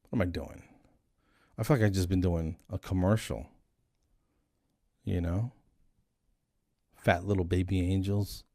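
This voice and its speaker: A man's voice: low-pitched, warm tone, no room sound, studio quality. A man in his forties rambling through a casual solo vlog monologue with self-deprecating jokes, filmed on a single static camera. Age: 40s. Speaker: comedian and dental hygienist.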